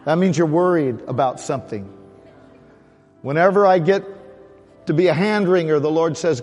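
A man's voice: fairly high pitch, normal speed, long pauses, darkish tone, faint music behind. A man preaching a sermon as pastor, in a conversational way, often asking the congregation questions. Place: church sanctuary. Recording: long hall reverb.

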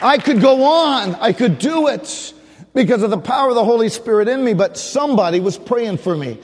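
A man's voice: very high-pitched, animated, normal speed, a faint crowd. An older man, a pastor, preaching a sermon with earnest fervor and calling out to the congregation. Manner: earnest, fervent preaching with audience call-outs. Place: church sanctuary. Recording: reverberant church hall.

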